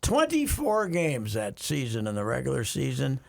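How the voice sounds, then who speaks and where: A man co-hosting a casual sports talk show, ranting with exasperated loud outbursts. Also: medium pitch, wildly swooping pitch, normal speed, vocal fry. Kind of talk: casual radio chat.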